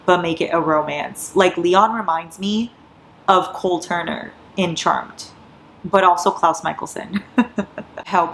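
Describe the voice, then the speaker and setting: Exhausted after staying up all night reading, a woman vlogs about books in a fairly low voice, giddy and laughing a lot, with some swearing thrown in. There's slight background noise.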